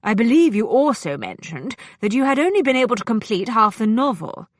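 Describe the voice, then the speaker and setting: Composed gentleman, cool and evasive, voiced by a woman narrator; storybook reading, dry studio sound. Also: fairly high pitch, big pitch swings, fairly quick, dry recording.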